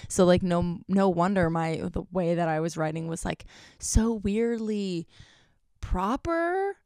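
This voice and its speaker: A woman's voice: fairly low pitch, flat delivery, normal speed, gravelly, darkish tone, clean tone, no echo, clean studio sound. A young woman talking to camera in a casual vlog, chatty and self-deprecating, filling her sentences with "like.". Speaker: YouTuber.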